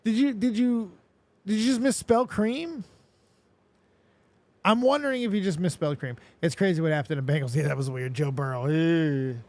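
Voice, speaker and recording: A man hosting a casual show, talking in a rambling, profane, excitable way. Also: a little high, moderate pace, no echo. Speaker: host. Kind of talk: casual chat.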